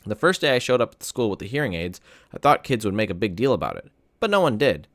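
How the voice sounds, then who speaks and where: A man, a teacher, reading a novel aloud to his students in an expressive, animated storytelling way. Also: on the low side, fast talker, no echo, studio quality.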